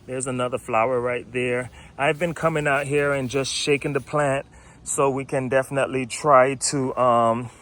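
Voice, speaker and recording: A young man walking through his backyard garden, explaining each plant in a relaxed way with frequent pauses and ums. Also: mid-range voice. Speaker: gardening vlogger. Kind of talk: casual garden tour walkthrough.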